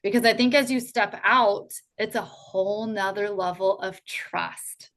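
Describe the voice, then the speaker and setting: A woman's voice: mid-range voice, unhurried, a bit bright. A woman in her thirties, a podcast guest talking in an earnest, heartfelt way, full of casual fillers. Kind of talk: faith podcast conversation.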